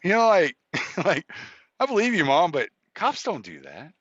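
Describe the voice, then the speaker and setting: A man's voice: medium pitch, sharp tone, dry recording. Profane rambling man on a lo-fi podcast. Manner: rambling, profane, with frequent restarts and quoted dialogue. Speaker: podcast host. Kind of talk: casual storytelling monologue. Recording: dull lo-fi dry recording.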